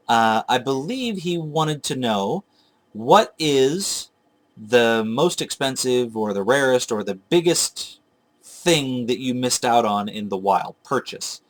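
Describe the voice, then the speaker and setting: A man telling a long, digressive story about hunting for old video games, chatting casually to his viewers and correcting himself as he goes. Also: medium pitch. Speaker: retro game collector vlogger. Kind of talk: casual rambling storytelling to camera.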